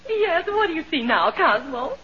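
An actress playing a fussy, sentimental middle-aged wife in a 1940s radio comedy, shrill and melodramatic, sobbing theatrically, on a dull old radio recording. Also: female voice, very animated, moderate pace, a little hiss or hum.

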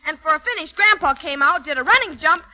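A woman's voice: sits high, expressive, fast, sharp tone, rough recording. A woman guest on a 1940s radio variety show, trading jokes on stage in brash, bubbly comic style. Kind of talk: 1940s radio comedy banter. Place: stage before a live audience.

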